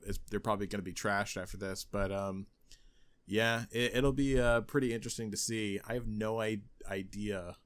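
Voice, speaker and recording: A man co-hosting a casual podcast, talking hesitantly with many pauses and restarts. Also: lowish voice, a bit bright. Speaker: podcast co-host. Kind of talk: casual chat.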